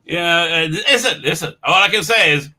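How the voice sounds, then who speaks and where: A man with an English accent hosts a casual livestream, rambling through chat with stammered restarts and crude asides. His voice sits high and sounds very bright and forceful. He breaks into loud laughter and shouting now and then. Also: animated, moderate pace. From England. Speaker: livestream host.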